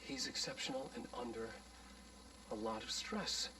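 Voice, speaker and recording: An actor playing a man who calmly excuses a troubled boy's behavior in a video game. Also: mid-range voice, normal speed, a little hiss or hum, low-quality recording. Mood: placating. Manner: calm, dismissive, placating.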